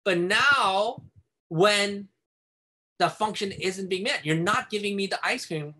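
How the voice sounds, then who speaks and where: A man teaching a casual behavior-therapy lesson with a bright, forceful voice. He explains in an animated, chatty way, often slipping into little acted-out scenes. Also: high voice, slow pace. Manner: animated, casual, acts out examples.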